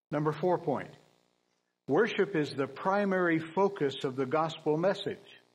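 A man preaching a sermon in a church, earnest and emphatic, with dry humorous asides and frequent throat-clearing. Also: fairly high pitch, animated, slow, pauses often, low-quality recording.

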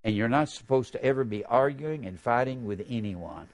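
Expressive and fervent, an older preacher slows down to draw out key phrases, punctuating his sermon with sudden loud, high-pitched outbursts.

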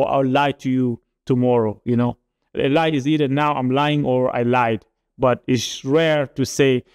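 Gravelly-voiced man teaching a language lesson. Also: mid-range voice, a little mellow. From Niger. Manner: patient explaining with frequent repeats and restarts.

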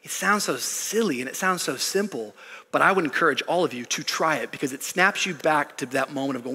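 A male pastor tells a story in an animated, humorous sermon. His voice is bright and a bit husky, set slightly high. It carries the long reverb of a big church hall. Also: a little fast. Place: church stage.

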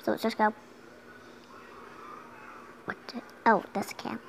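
A woman's voice: fairly high pitch, fairly even intonation, takes it slowly, pauses often, rough recording. A young girl casually talking through a game at home, chatty and giggly, sometimes humming along. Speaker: gameplay commentator. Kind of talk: casual gameplay commentary. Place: home room.

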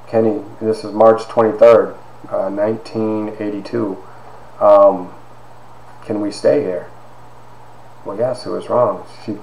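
Middle-aged man, low voice, storytelling testimony in a reverberant room. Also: slight background noise. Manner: storytelling, quotes people in quiet asides. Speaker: speaker giving a testimony. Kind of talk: personal testimony talk.

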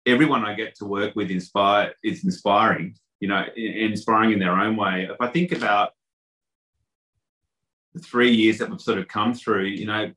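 A man's voice: fairly low pitch, steady tone, moderate pace, bright, forceful tone, rough recording. A man, a hotel industry guest, chatting casually in an interview and telling anecdotes with many fillers and restarts.

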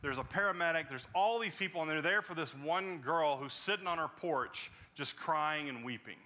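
A man preaching a sermon as pastor, telling a personal story earnestly and dropping to a soft hush at the tender parts. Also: fairly high pitch, moderate pace.

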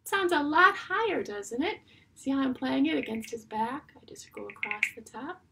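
A woman teaching an online music class for young children, talking in a slow, sing-song way with drawn-out phrases. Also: sits high, expressive, gravelly, very noisy.

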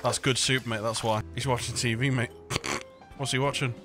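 A man's voice: medium pitch, flat delivery, moderate pace, music in the background. A man streaming a game, joking around casually and saying "mate" at the end of nearly every sentence. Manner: jokey, says "mate" constantly. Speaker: gaming streamer. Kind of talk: casual chat while playing.

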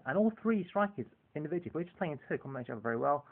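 A man's voice: a little high, expressive, rapid-fire, few pauses. A man talking casually in a rambling monologue, filling his sentences with "you know" as he talks football. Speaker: football fan vlogger. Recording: tinny phone-like lo-fi audio.

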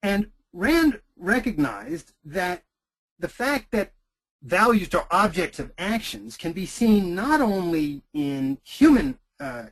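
Animated man giving an online lecture. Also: high-pitched, slow, low-quality recording. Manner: emphatic, repeats key phrases for stress. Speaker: webinar lecturer. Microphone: computer microphone.

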